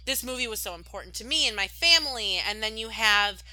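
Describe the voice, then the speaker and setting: A young woman co-hosting a podcast, rambling warmly and with plenty of fillers in casual chat. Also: fairly high pitch, expressive, brisk, dry recording, rough recording. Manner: gushing, rambling, many "like"s. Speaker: podcast co-host.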